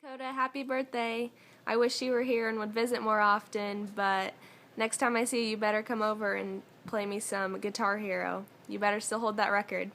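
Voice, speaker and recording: A woman offers casual, friendly birthday wishes in a plain, mid-pitched voice. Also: flat delivery, fairly quick, a bit bright, a little hiss or hum.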